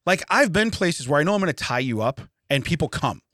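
A man co-hosting a chat show, telling a story as an animated rant with laughter breaking through. His voice sits a bit high, with a bright edge and lively swings in pitch. It is recorded dry and close. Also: fairly quick, no room sound. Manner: animated ranting with frequent laughter. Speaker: podcast co-host. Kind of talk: casual comedic storytelling.

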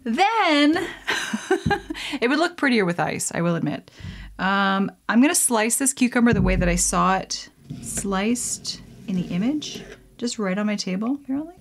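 A woman's voice: fairly high pitch, very animated, unhurried, gravelly. A young woman vlogging casually while she mixes a drink, chatty and playful, with frequent laughs and asides.

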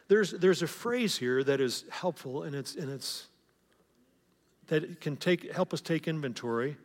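A man's voice: a little high, animated, unhurried. A man preaching a sermon as pastor, talking in a conversational way and often repeating words as he starts a phrase. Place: church sanctuary. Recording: long hall reverb.

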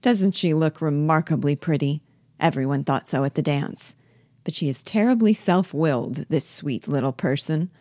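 A woman reading the part of a fussy, patronizing husband in a low, dry voice, lecturing and pleased with himself. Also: normal speed, a little mellow, no echo, natural voice. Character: self-satisfied husband, a man, fussy and patronizing. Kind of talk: reading a play aloud.

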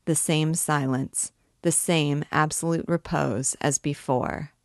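A woman reading a classic novel aloud as a book guide, in a measured, deliberate way. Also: sits low, steady tone, no echo, studio quality.

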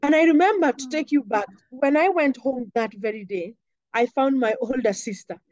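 A woman's voice: high-pitched, moderate pace, darkish tone, no echo, dull audio. A young woman earnestly recounting a painful personal memory in an interview. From Kenya. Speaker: interview guest. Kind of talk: personal storytelling.

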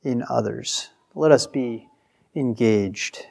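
Male preacher, unhurried and emphatic, lingering reverb of a large hall. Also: mid-range voice, gravelly, darkish tone. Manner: emphatic, acts out quoted replies. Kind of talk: sermon.

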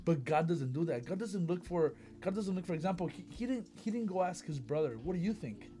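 A man in casual faith talk, animated and acting out quotes in lively voices as a co-host. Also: sits high, fairly quick. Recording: faint music behind.

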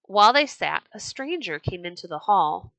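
A woman reading a classic tale aloud for a storybook podcast, with expressive storytelling. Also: mid-range voice, moderate pace, no echo.

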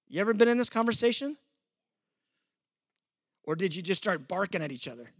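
A man's voice: high-pitched, lively intonation, fairly quick, pauses often, slightly rough, no room sound. Conversational man preaching in a dry room. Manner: conversational, self-deprecating, acts out quoted exchanges. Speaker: pastor. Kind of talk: sermon teaching.

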